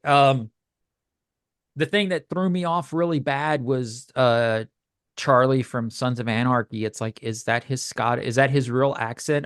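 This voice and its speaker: Co-hosting a podcast, a man chats casually about reviews in a rambling, hesitant way, with frequent fillers and restarts. His mid-range voice is captured in a dry, studio-quality recording.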